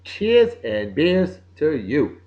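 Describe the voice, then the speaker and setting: A man with a Boston accent hosting a casual show, giving upbeat, jokey birthday shout-outs. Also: on the high side, sing-song, extremely slow, lo-fi sound. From Massachusetts. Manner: upbeat, jokey, sing-song greetings. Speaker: podcast host.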